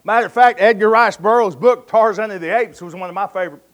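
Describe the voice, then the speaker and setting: A man's voice: sits high, fast talker, a bit bright. A man preaching a sermon, telling stories in a folksy way and calling his listeners friend and folks.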